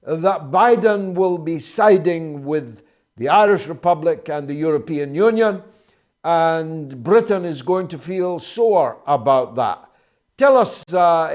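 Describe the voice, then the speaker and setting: A man hosts a political talk show and frames questions to his guest. He speaks slowly and deliberately, with some hesitation. His voice sits a little high for a man. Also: a little mellow. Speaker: host. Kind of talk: interview questions.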